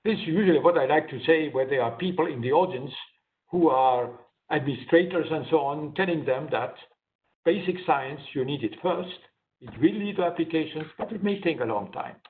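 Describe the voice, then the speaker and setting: A man with a fairly high voice speaks briskly as a guest lecturer in an academic science lecture, walking through his slides step by step. The audio is tinny and phone-like, typical of an online lecture.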